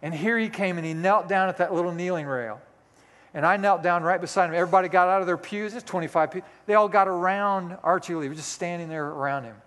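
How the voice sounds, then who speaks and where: A man's voice: high-pitched, fast talker, a bit bright. A male pastor in his sixties preaching a sermon, telling a personal story with folksy, self-deprecating humor. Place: church sanctuary. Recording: long hall reverb.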